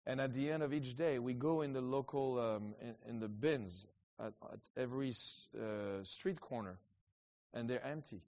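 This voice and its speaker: A middle-aged evangelist guest, whose first language is French, tells stories in a rambling, animated way full of restarts and quick asides. His pitch is mid-range for a man, and the recording is a bit dull and muffled.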